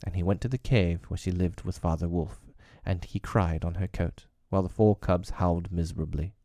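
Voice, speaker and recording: A man narrating a classic story for his own podcast, measured, a little hesitant when speaking off-script. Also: sits low, fairly even intonation, warm tone, no room sound, studio quality.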